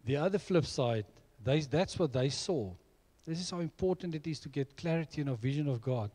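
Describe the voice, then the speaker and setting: A man's voice: on the high side, expressive, a little fast, dark tone. A middle-aged man preaching a sermon, telling personal stories in an earnest way. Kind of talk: sermon with storytelling.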